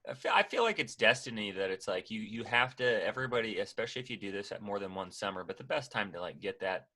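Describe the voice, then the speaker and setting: Earnest man with a bright low voice. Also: lively intonation, quick pace. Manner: earnest, advice-giving, self-mocking. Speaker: podcast guest. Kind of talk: casual chat, reflective advice.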